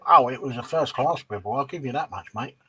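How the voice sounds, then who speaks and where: Man, teasing and chuckling, husky, mid pitch. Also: lively intonation, fairly quick, bright, forceful tone, poor audio. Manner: chuckling, eggs on his friend. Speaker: co-host. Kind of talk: casual banter.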